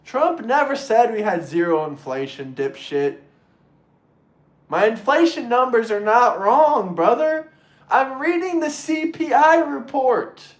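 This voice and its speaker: A man rants on his livestream, mocking and crude, pitch leaping up and down as he goes. He often slips into shrill, whiny impressions of his opponents. The sound is roomy and echoey. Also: animated, slow. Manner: mimics opponents in shrill voices. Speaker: livestream host reading super chats. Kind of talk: political livestream rant.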